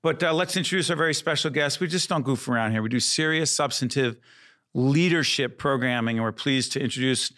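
A man's voice: mid-range voice, a little fast, fairly bright tone. A man hosting a studio talk show, bantering and teasing his co-host.

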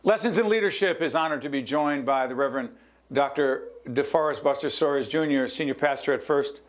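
A man's voice: fairly high pitch, a little fast. A man hosting a leadership talk show, bantering with energy. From New Jersey. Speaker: host.

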